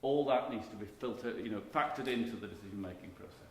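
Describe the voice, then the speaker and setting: The keynote speaker, a middle-aged marketing professor, talks quickly in a lowish voice during a conference lecture. He is emphatic yet conversational and often starts sentences over. The recording picks up the echo of the hall and faint background noise.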